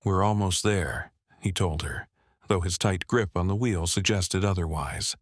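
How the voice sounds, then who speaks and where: Deep-voiced male story narrator. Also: no room sound. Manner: measured, even storytelling. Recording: dry close-miked voice-over.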